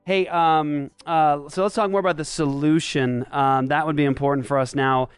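A man hosting a talk show, upbeat and animated in casual banter. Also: a little high, normal speed, clear, resonant tone, no room sound, faint music behind. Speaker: host.

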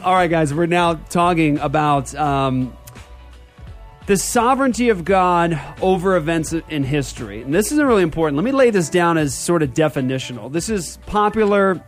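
A man hosting a church talk show, teaching theology in an emphatic style and repeating key phrases. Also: fairly high pitch.

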